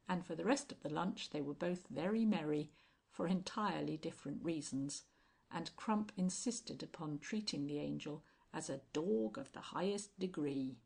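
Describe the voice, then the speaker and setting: A woman reading a classic novel aloud as an audiobook narrator, calm and measured. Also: deep voice, vocal fry, breathy edge.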